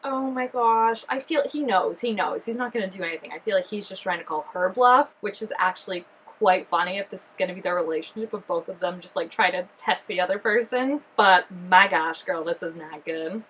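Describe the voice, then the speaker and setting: A woman chatting excitedly through a reaction video, full of fillers and giggly asides. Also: mid-range voice, a little fast, hardly any pauses, slightly rough, low-quality recording. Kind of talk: casual reaction commentary.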